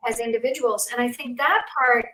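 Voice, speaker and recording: A woman hosting a spiritual talk show, speaking earnestly and affirmingly in a fairly high voice. She sits well back from the microphone, in a room that echoes. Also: fairly quick, bright, forceful tone. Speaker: host. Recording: echoey, distant from the mic.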